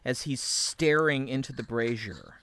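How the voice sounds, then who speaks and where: A man narrating as game master of a tabletop game in an easygoing, measured way. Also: mid-range voice, animated, fairly bright tone.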